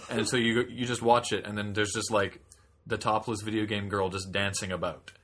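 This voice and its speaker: A man's voice: lowish voice, level tone, moderate pace, a bit bright. A young man co-hosting a podcast, telling stories in casual chat with rambling laughing asides. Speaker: podcast co-host.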